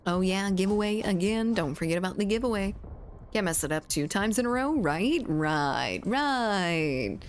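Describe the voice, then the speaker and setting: There's slight background noise as this woman streams a shooter game, her medium-pitched voice expressive and a little slow. She keeps up casual chatter, reads viewer messages aloud, and laughs frequently.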